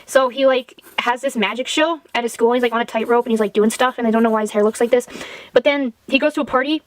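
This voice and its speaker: A woman's voice: fairly high pitch, steady tone, fast, low-quality recording. A woman casually retelling a film's plot while drawing, in a rambling, irreverent way full of fillers. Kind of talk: rambling casual film recap.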